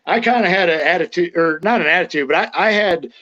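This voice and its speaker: A man in a loose interview, talking bluntly and swearing constantly as he tells stories and acts out the heated lines. His voice sits high for a man. The audio comes through dull and lo-fi. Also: fast talker, sharp tone. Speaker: interview guest, former wrestler. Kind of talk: casual storytelling, profane.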